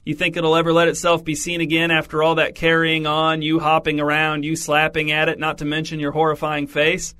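In this storybook scene, a middle-aged neighbor woman, as a male narrator puts her on, swings between shrill shrieks and flat, cutting remarks. Her tone is bright and forceful. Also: a little fast, few pauses. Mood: dry blunt. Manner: shrill sudden outbursts, then flat curt remarks.

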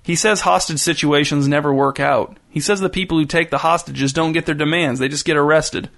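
A man voicing Alex, a jittery young man turned amateur hostage-taker, insistent and prone to shouting, in a storybook reading. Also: fairly high pitch, fairly even intonation, brisk, vocal fry. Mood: tense.

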